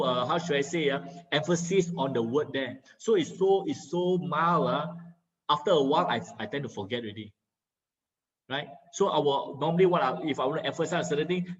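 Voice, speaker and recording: A man with a slightly raised voice gives an online skills lesson. He talks like a patient teacher, fills pauses with a string of "uh"s and keeps asking "okay?" to check on his listeners. His voice comes through a muffled video-call line. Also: a little high. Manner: teacherly, many filler "uh"s, checks understanding with "okay?". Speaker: communication skills trainer. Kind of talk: online training lecture.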